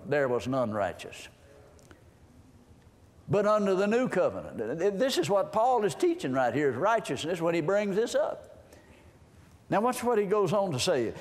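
A man preaching a sermon in a folksy way, reading scripture aloud and explaining it. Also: a little high. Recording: long hall reverb.

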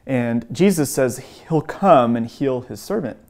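A man of middle pitch explains and retells stories for a teaching course. He speaks earnestly and often pauses with um and uh. His voice lifts when he acts out the quoted lines. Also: animated, a little mellow. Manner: earnest, frequent um and uh fillers. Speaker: evangelism course instructor. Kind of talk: teaching talk with retold stories.

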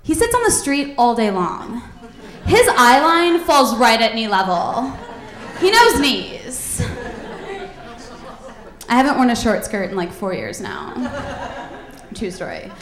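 A young woman doing a self-deprecating stand-up routine with wry deadpan asides on a comedy club stage, into a handheld mic. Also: a little high, moderate pace, echoey room, some chatter behind.

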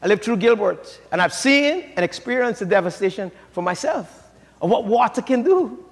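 An older man preaching a sermon as pastor, with shouted, rising emphasis and call-and-response to the congregation. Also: sits high, lively intonation, normal speed. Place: church sanctuary. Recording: church sanctuary with long reverb.

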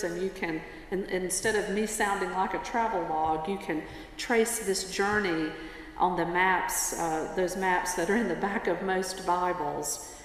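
A woman pastor preaching a sermon in a church sanctuary, telling a story in an unhurried way. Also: mid-range voice, a little hiss or hum. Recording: echoey church with long reverb, faint ambience.

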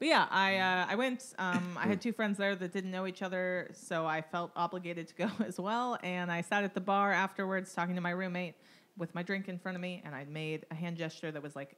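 A female podcast co-host telling a story in a chatty tone. Her voice sits somewhat low, and she pauses on fillers as she gathers her thoughts. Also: fairly bright tone. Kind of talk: casual storytelling.

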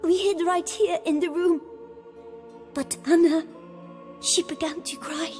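A woman's voice: very high-pitched, fairly even intonation, darkish tone, big-room sound, faint music behind. A woman voicing a terrified young boy who stammers and halts through his words. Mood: frightened. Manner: stuttering, halting, shaky.

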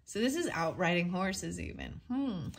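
A woman's voice: lowish voice, very animated, moderate pace. A woman giving a tarot reading in a casual, rambling way, thinking aloud as she goes and questioning herself. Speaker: tarot reader.

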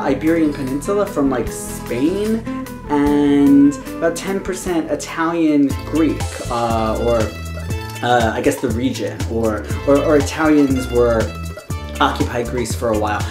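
A young man, born in Colombia, talking casually to camera in an excitable, animated way with laughing asides. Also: fairly high pitch. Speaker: vlogger. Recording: echoey room with faint music.

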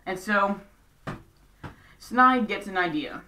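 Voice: mid-range voice, lively intonation, slow, sharp tone. A casual show recap vlogger, chatty and throwing in sarcastic asides. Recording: roomy echo, distant from mic.

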